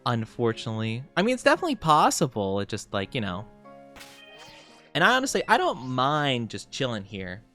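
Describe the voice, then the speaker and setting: A young man streaming a game as a VTuber, chatting casually and rambling with lots of fillers and quick laughs. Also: mid-range voice, huge pitch swings, sharp tone, faint music behind. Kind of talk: casual chat while playing a game.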